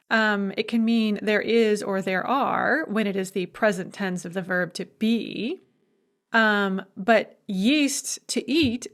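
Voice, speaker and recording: A woman professor walks through a recorded lecture, taking her time over each point. Her voice sits a little high, and she talks unhurriedly and patiently. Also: a bit bright. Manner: patient, measured explanation. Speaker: Russian language professor.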